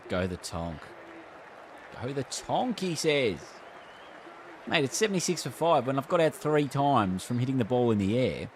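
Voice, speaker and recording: A man's voice: mid-range voice, sing-song, normal speed, some chatter behind, slight background noise. An Australian man chatting casually on a live stream, reacting to a game and reading chat aloud. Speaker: gaming streamer.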